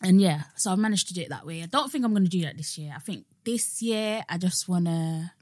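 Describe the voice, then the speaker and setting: A young woman in casual podcast chat, relaxed and full of "like" fillers. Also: fairly low pitch, brisk, dry recording, clean studio sound. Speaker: podcast co-host or guest.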